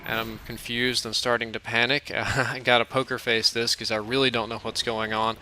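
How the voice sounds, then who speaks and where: A man's voice: mid-range voice, level tone, moderate pace, sharp tone, slight background noise. A man casually telling a long dream story, rambling with fillers and restarts. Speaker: gaming channel host.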